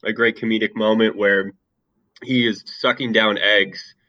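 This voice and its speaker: A man's voice: on the low side, a little slow, lo-fi sound. A man chatting casually about a movie and his school football days, rambling a little with many fillers. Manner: relaxed and talkative, with many fillers. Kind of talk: casual chat.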